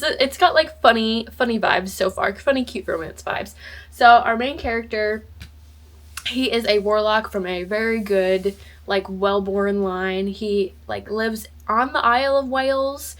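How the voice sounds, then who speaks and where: Young female vlogger, mid-pitched, chatty and rambling, casual and upbeat. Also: fairly bright tone. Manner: bubbly, rambling, many "like"s and restarts. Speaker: book vlogger. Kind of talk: casual chat.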